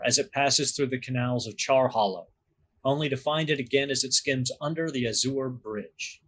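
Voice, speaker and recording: A man narrating a tabletop game as game master, describing scenes in a measured storytelling manner. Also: medium pitch, a bit bright, breathy edge.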